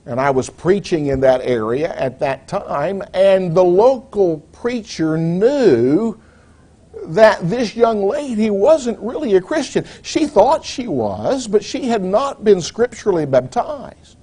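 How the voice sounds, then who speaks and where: Slow, deliberate preacher with a high voice. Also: male voice, expressive, warm tone, slightly rough. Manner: measured, deliberate delivery with rhetorical questions. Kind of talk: sermon.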